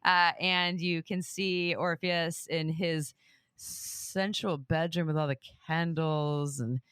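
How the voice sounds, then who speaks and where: Woman, podcast co-host, casual and frank, lowish voice, dry studio sound. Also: steady tone, slow, a bit bright, smooth, no echo. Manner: frank, laughs often, says "um" and "like".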